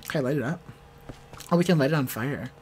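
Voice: mid-range voice, fast. Playful chatty gamer commentating a let's play. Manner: playful, chatty, talks back to game characters; excitable outbursts and shouts during fights. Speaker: gaming channel host.

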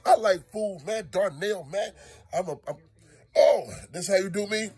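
A young man ranting loudly and comically, swearing and exasperated, talking from outdoors and in a car. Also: high-pitched, moderate pace, slightly rough. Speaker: comedian. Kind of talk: profane comedic rant.

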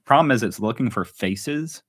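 A man's voice: medium pitch, animated, normal speed, husky. A man hosting a casual unboxing vlog, chatting and laughing often as he opens parcels. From United States. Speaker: vlog host. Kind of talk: casual chat while unboxing.

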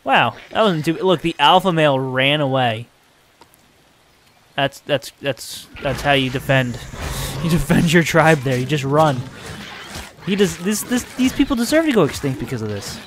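A man giving excitable, exasperated gameplay commentary and laughing often as he plays. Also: a little high, slight background noise. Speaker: let's play host.

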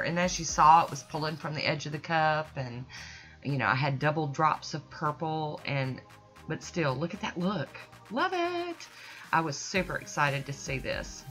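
Chatty low-voiced woman. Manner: chatty, folksy and enthusiastic. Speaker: nail art channel host. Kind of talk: casual tutorial voice-over. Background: soft background music.

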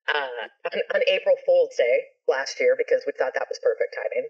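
With a rumbling low, husky voice at a moderate pace, a woman guest chats casually on a video call, telling a story. She's a ska musician and actor who is animated, swears freely, and acts out what people said, heard through dull, lo-fi audio.

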